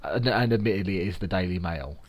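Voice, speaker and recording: A man's voice: deep voice, quick pace. A young man with a London accent chatting casually on a podcast, sarcastic and rambling, swearing freely. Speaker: podcast co-host. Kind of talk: casual chat.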